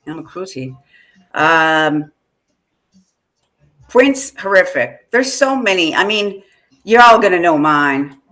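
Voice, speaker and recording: A woman co-hosting a casual fan podcast, chatty and quick to laugh, with many fillers. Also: on the low side, expressive, a bit bright. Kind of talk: casual chat.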